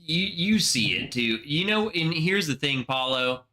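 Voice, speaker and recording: A man hosting a casual livestream chat, telling a story in a slow, emotional, slangy way, close to tears. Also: fairly high pitch, animated, bright, forceful tone. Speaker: livestream host.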